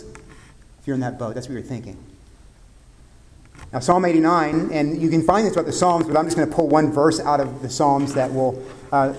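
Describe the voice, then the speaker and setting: A man preaching a sermon, talking conversationally, retelling scenes vividly and dropping suddenly quiet at times. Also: fairly high pitch. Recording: long hall reverb.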